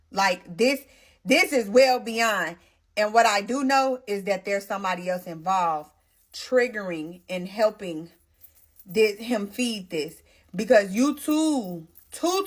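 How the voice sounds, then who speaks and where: Emotional young woman telling a story. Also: mid-range voice. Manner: emotional, animated, talks straight to viewers. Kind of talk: casual storytime monologue.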